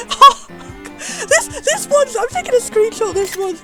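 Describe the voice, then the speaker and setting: A woman streamer talks through a game in a bubbly, gushing way, excited by everything on screen. Her voice sits very high, and faint game music plays underneath. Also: normal speed, rough recording. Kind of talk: live gameplay commentary.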